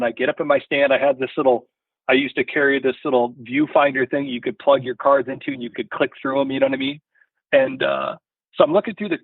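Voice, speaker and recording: A man's voice: medium pitch, no echo. A man telling a story as a podcast guest, rambling and checking in with "you know" and "right?" all the time. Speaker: podcast guest from a hunting gear company. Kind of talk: casual storytelling in an interview. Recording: tinny phone-line sound.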